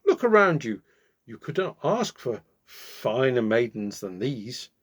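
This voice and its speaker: A man voicing a calm, coaxing queen speaking to her son in a storybook reading. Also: mid-range voice, takes it slowly.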